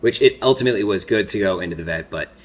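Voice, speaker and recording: Low-voiced man in his thirties, rambling. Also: very fast. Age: 30s. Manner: rambling, filler-heavy storytelling. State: holding back tears. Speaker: makeup vlogger. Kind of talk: casual get-ready-with-me chat.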